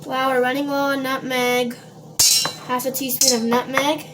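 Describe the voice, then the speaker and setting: A woman's voice: high-pitched, flat delivery, moderate pace, loud music behind the voice. A woman from Minnesota, chatting casually to viewers while she bakes in her home kitchen, rambling and full of fillers. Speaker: home baker vlogger. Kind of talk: casual baking vlog. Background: dishes and cutlery clatter.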